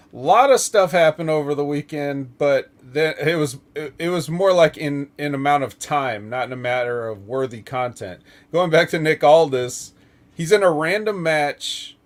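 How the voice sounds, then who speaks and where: A man hosting a casual wrestling talk show, rambling through opinions, laughing and swearing freely. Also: fairly high pitch. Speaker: podcast host.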